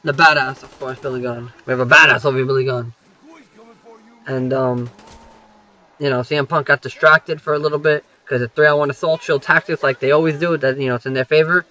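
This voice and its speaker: A man's voice: mid-range voice, steady tone, a little fast, pushed and bright, low-quality recording. A young man rambling through a wrestling recap over gameplay, swearing freely and filling gaps with "you know" and "um".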